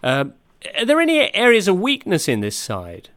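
A man's voice: high-pitched, moderate pace. A man hosting a football podcast in a jokey, casual way. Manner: jokey, lively presenting. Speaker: podcast host. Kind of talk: casual chat.

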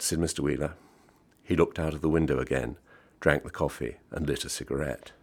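A man reading a literary short story aloud in a measured, understated way. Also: rumbling low, steady tone, gravelly, breathy edge. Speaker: reader.

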